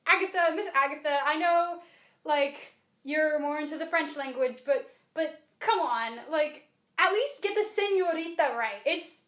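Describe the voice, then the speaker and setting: A woman co-hosting a podcast, chatting casually about a book in an animated way with lots of fillers. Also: high-pitched, unhurried. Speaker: podcast co-host. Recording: echoey room.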